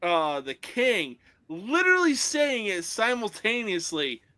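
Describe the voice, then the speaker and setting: A man in a casual chat over a video call, excitable and swearing freely. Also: high voice, slow, dry recording.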